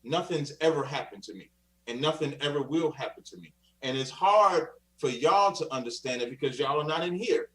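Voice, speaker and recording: A man with a somewhat high voice lays out his case in a preachy, insistent way during a live online debate. He sounds set back from the microphone. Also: lively intonation, normal speed, fairly bright tone, distant mic, poor audio. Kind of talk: heated live-stream debate.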